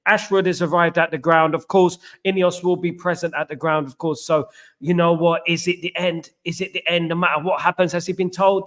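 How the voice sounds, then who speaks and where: Male stream host, rambling fan chat, slightly high voice, repeats himself, quizzes viewers. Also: fairly even intonation, a little fast, a bit bright. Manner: rambling, repetitive, asks viewers questions. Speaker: host of a football watchalong. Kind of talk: live stream watchalong chat.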